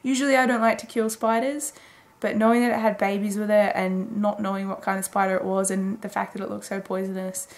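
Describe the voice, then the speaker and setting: A woman's voice: mid-range voice, level tone, fairly quick, hardly any pauses. A woman in her twenties rambling casually through a late-night video diary, chatty and full of fillers. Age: 20s. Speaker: daily vlogger.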